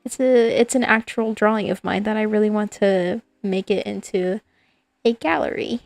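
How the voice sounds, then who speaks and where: Gravelly-voiced woman chatting on a stream. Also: mid-range voice, fairly even intonation, normal speed, darkish tone, no room sound. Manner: playful, rambling, chatty. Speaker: digital artist streaming to chat. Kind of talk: casual livestream chat with viewers.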